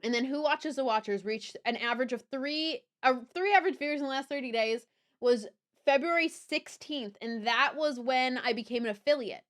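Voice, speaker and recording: A woman's voice: high voice, normal speed, fairly bright tone. A young woman streaming live, chatting casually and rambling with chat, swearing and laughing easily.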